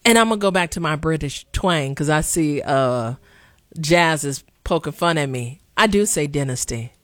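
Woman host, animated and sarcastic, slightly low voice, dry booth sound. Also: moderate pace, no room sound. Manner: animated, sarcastic, playful asides. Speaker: podcast host. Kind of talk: casual political commentary.

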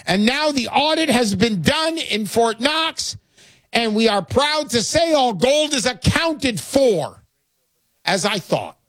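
A man's voice: very high-pitched, lively intonation, slow, fairly bright tone, no echo. A man hosting a call-in talk show, selling gold with brash, pushy salesman patter. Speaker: radio show host.

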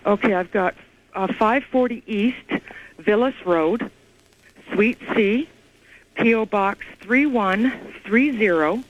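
A woman calling into a radio show, telling an eerie story in an excited, rambling way over the phone. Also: mid-range voice, takes it slowly, slight background noise. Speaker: caller. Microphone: phone call. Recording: muffled lo-fi phone line.

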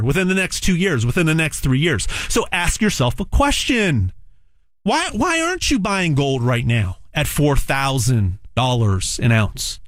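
Emphatic male pitchman, lively swooping delivery, dry close sound. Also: dry recording. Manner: emphatic, repetitive, stammering restarts. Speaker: gold sales pitchman. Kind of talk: direct-to-camera sales pitch.

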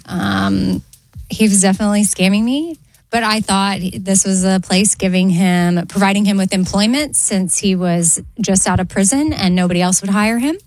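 A woman co-hosting a casual talk show, easygoing and quick to laugh. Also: mid-range voice, a little mellow, no room sound, low-quality recording. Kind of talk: casual chat.

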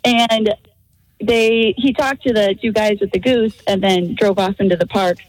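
A woman calling in to a radio show and telling a story in an excitable, tumbling way. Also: mid-range voice, measured pace, no echo, low-quality recording. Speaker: radio caller.

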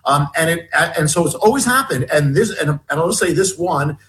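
A man being interviewed as an author, telling a story in a halting way, restarting and repeating his words as he goes. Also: on the high side, lively intonation, a bit bright, poor audio. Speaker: guest author.

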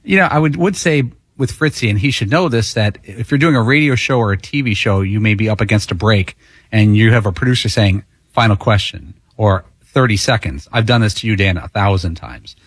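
A man's voice: on the low side, brisk, breathy edge, dry recording, clean studio sound. A man on a sports radio show explaining how producers cue the final question. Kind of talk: casual sports radio talk.

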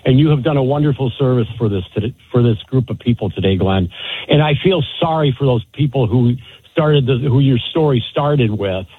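A man calling in to a radio show, speaking heartfelt and steady about his family. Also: medium pitch, brisk, a little hiss or hum. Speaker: caller. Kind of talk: phone-in call. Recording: phone line.

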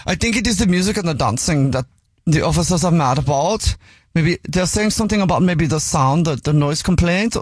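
Man doing a singsong put-on accent, confused apologetic prank caller, high husky voice, radio prank call. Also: lively intonation, a little fast, no echo. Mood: sing-song, confused. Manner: lilting, apologetic, feigns confusion.

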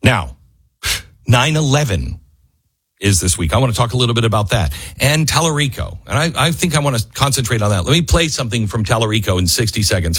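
A husky male talk radio host speaks into a studio mic with a dry, close sound. His pitch swings widely as he gets worked up, frustrated and forceful. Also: lively intonation, brisk, no room sound. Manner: impassioned, frustrated, raises his voice. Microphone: studio microphone.

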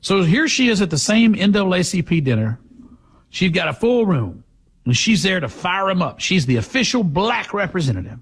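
A man's voice: high-pitched, sing-song, normal speed, breathy edge. A man hosting a talk show, giving sarcastic, emphatic opinion commentary.

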